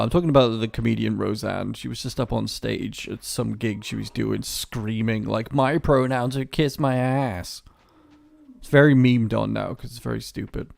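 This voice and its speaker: A man's voice: medium pitch, vocal fry. A man streaming a farming game, chatting casually with sweary, ranting asides. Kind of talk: casual gameplay commentary.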